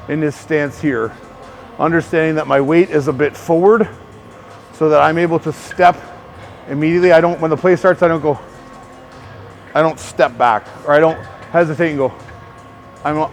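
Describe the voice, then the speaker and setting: A man working as a personal trainer, rambling through casual coaching talk to the camera, swearing and filling gaps with "like". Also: on the high side. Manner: rambling, profane, filler-heavy.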